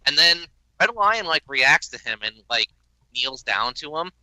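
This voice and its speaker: A man ranting on a podcast, exasperated and profane, with sarcastic asides. His voice is very bright and sharp, and it sounds dry and close to the mic. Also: a little high, sing-song, measured pace, no echo, rough recording. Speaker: podcast host. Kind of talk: casual ranting review.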